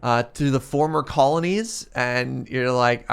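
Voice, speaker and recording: A man's voice: medium pitch, a little slow, gravelly, hardly any pauses, clear, resonant tone. A man in his thirties streaming a game, telling a story in casual chat and laughing often. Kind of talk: casual storytelling while gaming.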